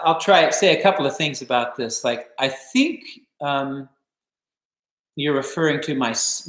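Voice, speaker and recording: Rambling older man in a roomy room. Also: medium pitch. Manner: relaxed, rambling, many fillers and restarts. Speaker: guitarist hosting a live stream. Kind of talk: casual storytelling and viewer Q&A. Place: home. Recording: roomy home live stream.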